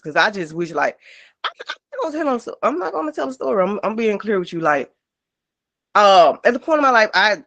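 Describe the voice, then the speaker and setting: A woman's voice: medium pitch, sing-song, fairly quick, vocal fry, long pauses, a bit bright, no room sound, lo-fi sound. A woman co-host chatting casually, emotional and effusive, in a slangy way. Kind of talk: casual chat.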